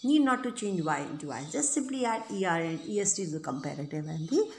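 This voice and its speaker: A woman's voice: fairly low pitch, expressive, fast talker, darkish tone, reverberant, slight background noise. A woman teaching an English grammar lesson, explaining rules patiently and checking in often with the listener. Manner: patient, repetitive, checks in with "right?" and "okay?".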